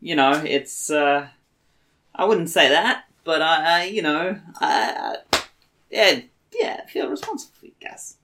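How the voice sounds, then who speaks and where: A woman's voice: sits low, animated, unhurried, noisy background. A woman voicing a friendly, protective man in a put-on Boston accent, rambling with lots of fillers. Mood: earnest. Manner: hesitant, rambling with many fillers.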